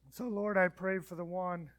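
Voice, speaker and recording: Man, pastor, sermon, slightly high voice, loud urgent appeals, hushed pleading, dry close sound. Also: level tone, moderate pace, no echo. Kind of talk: sermon and closing prayer.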